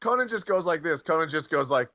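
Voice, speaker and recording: A man's voice: fairly high pitch, animated, fast, a loud crowd. A man co-hosting a casual live stream, retelling jokes loosely, with stumbling restarts. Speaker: co-host.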